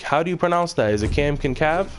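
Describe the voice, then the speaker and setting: A man's voice: on the high side, animated, fast talker. A young man streaming a game, rambling in profane casual chat full of fillers. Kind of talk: casual chat while gaming. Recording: game gunfire noise behind.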